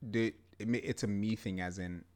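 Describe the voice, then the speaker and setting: A young man with a fairly low voice co-hosts a relaxed podcast conversation. He talks emphatically and circles back on his points, stacking up "yeah"s as he goes. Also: normal speed. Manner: emphatic, repeats "yeah" and "to be honest". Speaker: podcast co-host. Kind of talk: casual chat.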